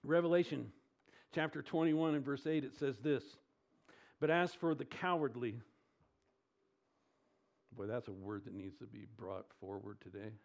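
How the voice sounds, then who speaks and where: A man preaching a sermon with emphatic delivery, asking the congregation questions and swinging between loud stresses and quiet lows. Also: unhurried, gravelly, pauses often. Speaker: pastor.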